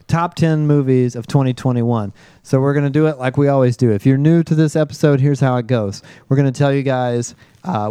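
A man's voice: mid-range voice, warm tone, smooth, dry recording, studio quality. A man hosting a casual podcast chat, telling rambling stories and laughing often. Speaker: podcast host. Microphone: close podcast mic.

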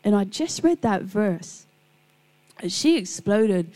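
A middle-aged woman gives a devotional talk, her voice gravelly with a mellow, darker tone. She tells personal stories in a warm, gentle way and briefly acts out the people in them. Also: mid-range voice, lively intonation, slow, poor audio. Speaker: Christian speaker.

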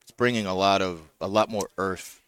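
A man in his thirties with a low voice, co-hosting a casual tasting chat. His delivery is jokey and enthusiastic. He is recorded live in a lounge. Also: steady tone, normal speed, fairly bright tone, clear, resonant tone. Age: 30s. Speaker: co-host.

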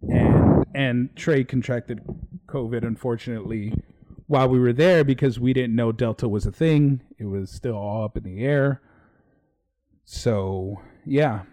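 A man's voice: mid-range voice, measured pace, mellow. A man hosting a casual livestream chat, rambling and swearing offhandedly. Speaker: podcast host.

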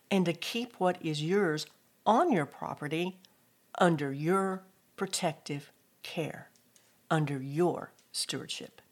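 A middle-aged woman giving a devotional teaching talk, telling personal stories and lifting her voice for scripture quotes. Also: lowish voice. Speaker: Christian speaker.

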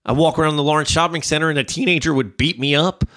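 A man's voice: a little high, quick pace, a bit bright. A man from New Jersey, co-hosting a podcast and ranting heatedly about work, often acting out his coworkers' voices. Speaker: podcast co-host. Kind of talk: casual profane chat.

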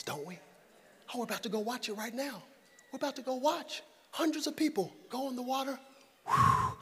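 Pastor, male, very high voice, preaches dynamically, from shouting to soft whispers. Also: slightly rough, in a large hall. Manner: dynamic, swings from loud to hushed. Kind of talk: sermon. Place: church sanctuary before a congregation.

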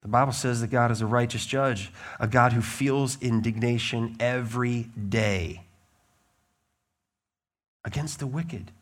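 A man's voice: medium pitch, measured pace. Man, middle-aged, pastor, sermon, emphatic, mid-range voice. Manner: emphatic, swings from loud declarations to quiet asides.

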